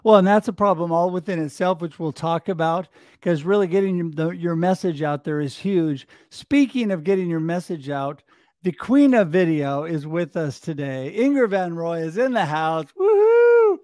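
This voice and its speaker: High-pitched, high-energy male host. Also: normal speed, a little mellow, no room sound, clean studio sound. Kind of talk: live show hosting.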